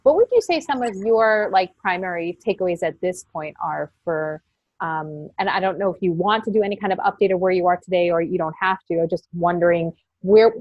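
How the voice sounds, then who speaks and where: A woman's voice: lowish voice, no room sound, lo-fi sound. A woman moderating an interview, affirming and summarizing what she hears while searching for her words. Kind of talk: reflective interview questions.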